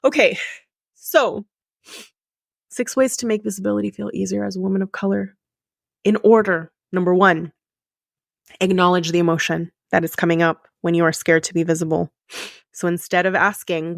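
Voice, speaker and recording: A middle-aged woman hosts a solo coaching podcast, speaking straight to listeners in an emotional, candid, earnest way and repeating herself for emphasis. Her low voice has vocal fry, fairly even intonation and a moderate pace, recorded dry on a close mic with no room sound.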